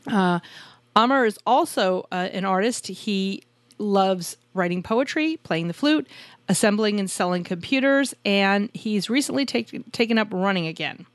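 A woman's voice: medium pitch, lively intonation, unhurried, dry recording. A woman co-hosting a podcast about couples in business, chatty and self-deprecating, joking as she introduces guests. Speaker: podcast co-host. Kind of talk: casual podcast chat. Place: home studio in Arizona.

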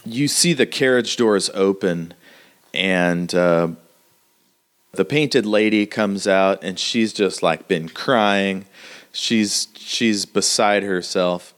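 Man, very low voice, slow, game master narrating a tabletop session, halting with fillers.

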